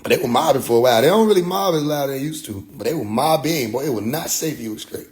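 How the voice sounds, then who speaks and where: Animated, lively-voiced man telling stories. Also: mid-range voice, fast. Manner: animated, profane, acts out other people's voices. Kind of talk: casual storytelling chat.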